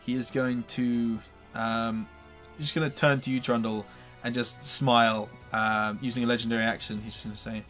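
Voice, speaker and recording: Hesitant game master with a bright voice. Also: male voice, medium pitch, little pitch movement, moderate pace, soft background music. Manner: hesitant, many fillers and restarts. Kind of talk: narrating a tabletop game.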